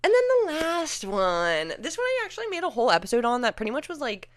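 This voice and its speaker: A woman's voice: sits high, huge pitch swings, fast, no room sound. A young woman hosting her own podcast, chatting casually and animatedly, with lots of fillers and acted-out quotes. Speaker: podcast host. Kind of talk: casual solo podcast chat.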